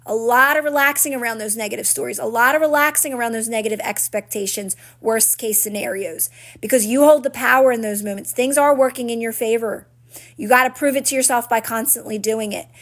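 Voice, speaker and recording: A woman's voice: fairly high pitch, brisk, a bit bright. A woman coaching her viewers during a live stream, earnest and encouraging, often checking in with "right?" and "guess what?". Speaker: manifestation coach. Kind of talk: live-stream talk answering viewers' comments.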